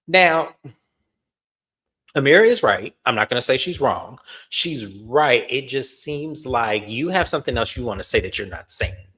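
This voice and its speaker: A man's voice: medium pitch, moderate pace. Blunt, swearing male recap host. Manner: animated, blunt, swears freely, addresses viewers as y'all. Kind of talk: casual recap commentary.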